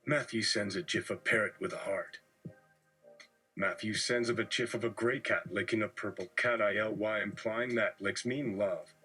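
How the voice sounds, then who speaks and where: A man's voice: fairly low pitch, pushed and bright. A man hosting a livestream, reading out group chat messages in a dry, matter-of-fact way. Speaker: livestream host.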